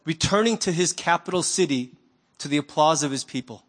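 A man preaching a sermon as pastor, conversational and animated, acting out little quoted voices. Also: fairly high pitch, brisk.

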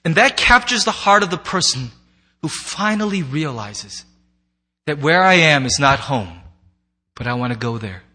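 Bright, high-voiced male pastor preaching. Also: big pitch swings, moderate pace. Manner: conversational, playful preaching with acted asides. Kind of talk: sermon. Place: church sanctuary before a congregation.

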